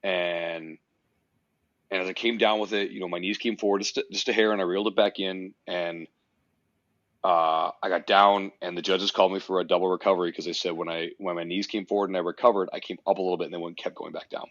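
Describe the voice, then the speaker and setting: Deep-voiced man talking intensely, cursing often. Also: steady tone, fast, a bit bright, dry recording. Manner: emphatic, swears often, tells stories intensely. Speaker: podcast guest, powerlifter. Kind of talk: casual podcast conversation. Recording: dry, slightly muffled podcast audio.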